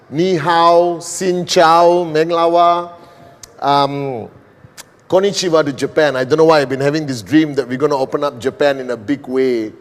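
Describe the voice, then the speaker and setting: Middle-aged Malaysian man, slightly high voice, deliberate sales presenter in a reverberant hall. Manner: slow, deliberate, with frequent "all right" and "okay". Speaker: business presenter.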